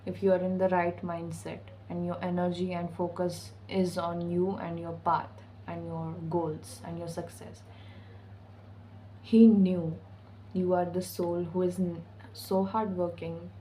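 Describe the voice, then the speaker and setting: A woman speaks slowly and evenly in a mellow, darker voice, sharing intuitive spiritual messages as a vlogger. Her talk is casual and sassy, peppered with slang and swearing. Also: fairly low pitch, a little hiss or hum, poor audio. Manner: slangy, profane and sassy, with frequent "okay?".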